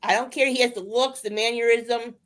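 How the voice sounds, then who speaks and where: A woman's voice: on the high side, fairly even intonation, fairly quick. Woman chiming in on movie chat. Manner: short interjections, blunt remarks. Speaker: podcast co-host. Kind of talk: casual chat about movies.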